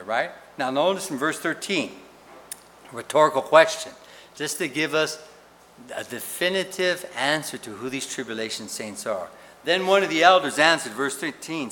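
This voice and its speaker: Man, pastor, sermon, lively rhetorical questions, bright forceful voice, faint background hiss. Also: medium pitch. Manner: animated, rhetorical questions, frequent "right?". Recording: reverberant hall with faint noise.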